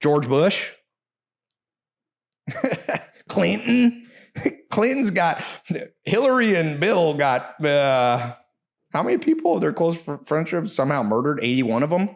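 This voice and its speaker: A man's voice: a little high, big pitch swings, a little slow, gravelly. A man in casual podcast talk, telling brash, profane stories with sudden bursts of emphasis.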